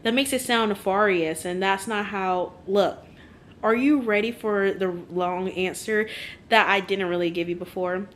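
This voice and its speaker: A woman reading aloud a young man's heartfelt confession from a novel, in a soft, sincere voice close to her own. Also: mid-range voice, unhurried, a little hiss or hum, lightly acted. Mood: earnest. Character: earnest young man confessing devotion. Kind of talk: reading a book quote aloud.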